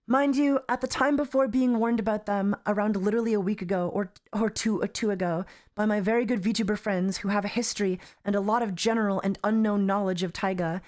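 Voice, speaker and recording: A woman's voice: mid-range voice, a little fast, a little mellow. A woman streamer reacting on a live stream, rambling and exasperated, repeating herself as she talks. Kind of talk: casual livestream commentary.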